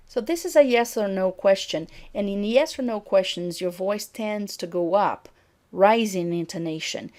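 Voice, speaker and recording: A middle-aged woman giving a recorded lecture on intonation, speaking clearly and acting out example sentences. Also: mid-range voice, normal speed, darkish tone.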